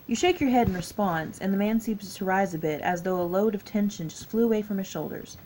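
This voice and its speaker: A tired woman with a Southern US accent reads a text adventure game aloud, breaking off to chat with herself between passages. She stumbles over longer words and laughs at her own slips. Her voice sits at an ordinary pitch for a woman, with a faint hiss behind it. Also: fairly quick, hardly any pauses, a little mellow, poor audio. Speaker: gaming YouTuber.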